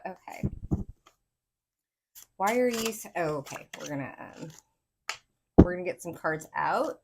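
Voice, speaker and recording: A woman with a Southern accent giving a casual pick-a-card tarot reading, excitable and rambling as she talks to her viewers. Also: on the low side, noisy background. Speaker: tarot reader.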